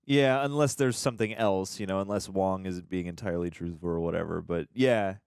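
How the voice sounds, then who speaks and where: A man's voice: sits low, fairly quick, creaky, a little mellow, clean tone, dry recording, studio quality. A man co-hosting a TV reaction show, chatting casually and rambling with lots of filler words and restarts. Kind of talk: casual review chat.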